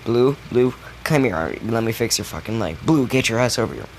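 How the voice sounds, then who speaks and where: A man voicing a young hero turned dragon who swears and answers in blunt, deadpan comebacks. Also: mid-range voice, brisk, slight background noise, close to an everyday voice.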